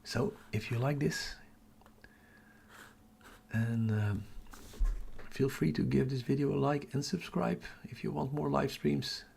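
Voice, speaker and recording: A man whispers his way through a night-time telescope livestream, his low voice heavily gravelly. He speaks slowly and haltingly, often restarting his sentences. A faint background hiss sits under his words. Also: steady tone, darkish tone. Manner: whispering, halting and self-correcting. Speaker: astrophotography livestream host. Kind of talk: live stream commentary.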